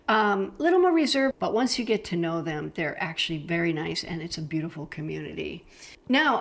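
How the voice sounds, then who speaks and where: A middle-aged woman from the United States chatting casually about travel, enthusiastic and loose, with frequent fillers. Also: mid-range voice. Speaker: travel vlogger.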